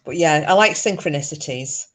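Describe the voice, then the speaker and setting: An older woman chats casually with her live viewers, laughing easily and picking up their comments as she goes. Her voice sits on the low side, and she is relaxed and talkative. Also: moderate pace. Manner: chatty, laughs often, reads out viewer comments. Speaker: livestream host.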